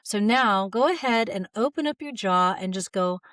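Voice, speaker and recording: A woman voice coach calmly guiding listeners through relaxation exercises, modeling sighs and open "ah" sounds. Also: medium pitch, moderate pace, dry recording, clean studio sound. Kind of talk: guided vocal exercise instruction.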